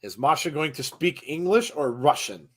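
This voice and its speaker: A man hosting a live wrestling watch-along, chatting casually, laughing often and breaking into excited shouts. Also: on the high side, moderate pace. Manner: chatty, laughs often, reads viewer comments. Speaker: host.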